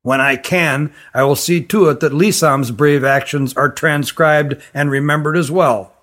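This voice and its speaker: A tired old magician with a croaking voice, as a man reads him, speaking slowly and anxiously. He sounds worn out and careful in a storybook setting. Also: fairly high pitch, steady tone, fairly bright tone. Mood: reflective.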